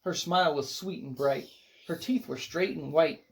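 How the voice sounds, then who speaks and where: A storybook reader narrating a picture book aloud with expressive, animated delivery. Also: medium pitch, normal speed, vocal fry.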